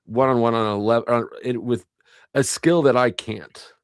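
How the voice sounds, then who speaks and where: A man's voice: medium pitch, fairly even intonation, moderate pace, smooth, no room sound, clean studio sound. A man on a casual panel chat, blunt and profane, rambling through his points with restarts.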